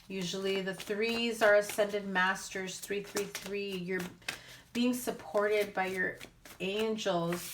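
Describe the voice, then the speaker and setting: A woman's voice: mid-range voice, background noise. A woman giving a casual spoken tarot reading to her viewers, blunt and candid, speaking straight out. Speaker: tarot reader.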